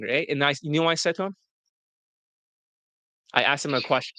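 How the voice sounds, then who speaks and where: A man's voice: a little high, animated, a little fast, pauses often, bright, forceful tone, no room sound. A man, a dating coach, telling stories to an interviewer in a blunt, profane, rambling way. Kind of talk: casual storytelling to an interviewer.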